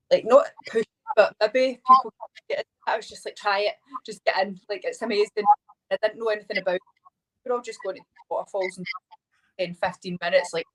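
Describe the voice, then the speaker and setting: A woman with a Scottish accent, a hypnotherapist guest telling a personal story in a lively, chatty way full of laughs and fillers. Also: mid-range voice, rough recording. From Scotland. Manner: animated, laughing, many fillers like "like". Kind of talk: casual storytelling interview.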